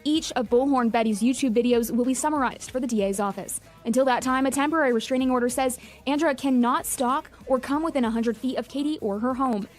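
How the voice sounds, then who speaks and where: A woman TV news reporter delivering a scripted report in a crisp, formal tone. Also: high-pitched, fast, few pauses, faint music behind.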